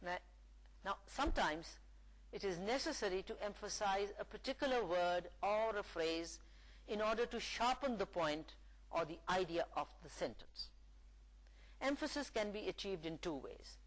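A woman lecturer giving a recorded English lesson, reading example sentences aloud in a slow, deliberate way. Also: medium pitch, expressive, low-quality recording. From Pakistan.

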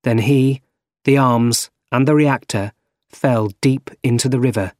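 A man reading a simple story aloud, slow, careful and plain. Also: mid-range voice, fairly even intonation, a little mellow, no room sound, studio quality. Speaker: narrator. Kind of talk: scripted narration of a graded reader.

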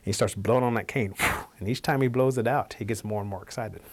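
A man tells a traditional animal tale aloud, relaxed and conversational. His voice sits fairly low. He gets animated as the story moves along. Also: quick pace. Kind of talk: oral folktale telling.

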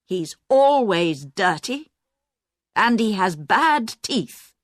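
A stubborn, sharp-tongued woman of fifty, read by a woman. She speaks bluntly, slowly and with lively ups and downs. It is recorded close and dry. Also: medium pitch, no echo. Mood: complaining. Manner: blunt, complaining, slow and emphatic.

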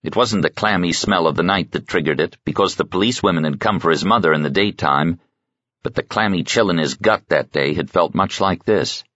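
A man reading a novel aloud as narrator, in an even, measured way. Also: sits low, no room sound, lo-fi sound. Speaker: audiobook narrator. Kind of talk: scripted narration.

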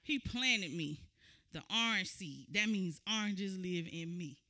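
A woman preaching a sermon, moving from conversational teaching to loud, shouted exhortation. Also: on the low side, lively intonation, measured pace.

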